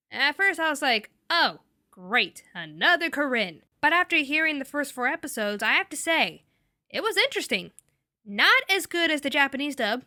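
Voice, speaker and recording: A woman's voice: sits high, bright, forceful tone, no echo, studio quality. A woman reviewing an anime dub in a casual, enthusiastic, chatty way.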